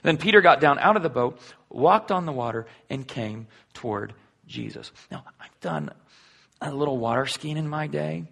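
A pastor with a mid-range, creaky voice preaches in an animated, conversational manner at a moderate pace. Rhetorical questions punctuate his sermon, and his volume swings from loud to hushed.

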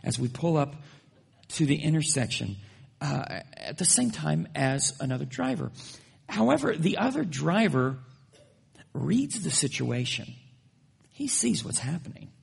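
A male pastor delivers a sermon with a gravelly, husky edge to his voice. He tells everyday stories with playful, humorous asides before turning to scripture. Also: on the high side, big pitch swings, unhurried, pauses often.

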